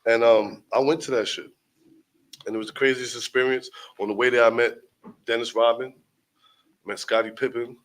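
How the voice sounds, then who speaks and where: A man's voice: mid-range voice, fairly even intonation, normal speed, pauses often, low-quality recording. A young man from Brooklyn with a New York accent, a rapper telling a long, profane story as a guest and acting out the other people in it. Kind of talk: animated storytelling.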